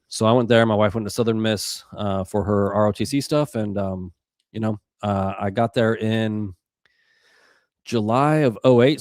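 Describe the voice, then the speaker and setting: A man's voice: lowish voice, no room sound, clean studio sound. A man in his forties from the Rocky Mountains, telling a story in casual chat with lots of fillers and acted-out quotes. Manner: animated, acts out quotes, many fillers and restarts. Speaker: podcast guest, former special operations weatherman.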